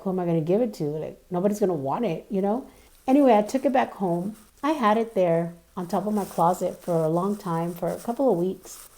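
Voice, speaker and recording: A woman's voice: lowish voice, warm tone. A woman vlogger telling a personal story in a chatty way, full of fillers and asides, and earnestly insisting it is true. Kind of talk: casual storytelling.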